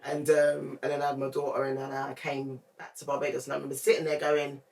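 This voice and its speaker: A woman co-hosting a podcast talks in a relaxed, chatty way, spinning out stories from her own life. Her voice sits a little away from the microphone. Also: rumbling low, fast, gravelly, far from the mic. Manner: chatty, storytelling. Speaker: podcast co-host. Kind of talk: casual chat.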